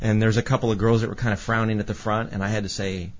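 A man's voice: fairly low pitch, racing, highs cut off. A man who organizes social events, chatting casually and telling stories with laughs. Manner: animated storyteller, laughs often. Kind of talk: casual chat. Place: Los Angeles radio studio.

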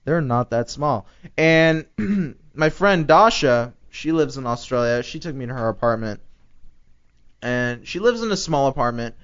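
Man, casual co-host, mid-pitched, stammering storyteller, lo-fi recording. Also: animated, measured pace, a bit bright, clean tone. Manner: storytelling, stammers on restarts, laughs often. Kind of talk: casual chat. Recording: slightly dull lo-fi recording.

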